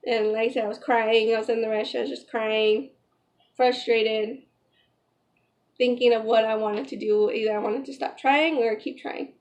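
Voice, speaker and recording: A woman's voice: fairly high pitch, steady tone, normal speed. A young pregnant woman chatting in a casual vlog, retelling a story emotionally with lots of "like" and "you know". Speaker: vlogger.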